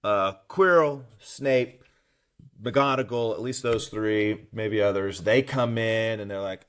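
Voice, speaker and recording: A man's voice: medium pitch, slow pace, fairly bright tone. A man co-hosting a podcast, recapping a book chapter in casual chat and retelling scenes at length with plenty of "you know" and "um". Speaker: podcast co-host.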